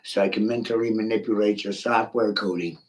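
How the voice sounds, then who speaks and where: A man's voice: on the low side, fairly even intonation, fairly quick, low-quality recording. A middle-aged man ranting profanely in a rambling livestream monologue, speaking straight to a viewer.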